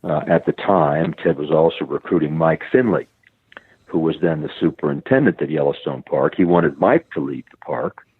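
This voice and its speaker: A man's voice: very deep voice, normal speed, husky, no echo. A middle-aged American man telling a long story as an interview guest, often repeating his words. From United States. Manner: repeats words often, acts out quoted voices. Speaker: guest, conservation biologist. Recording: phone-like narrow band, dry.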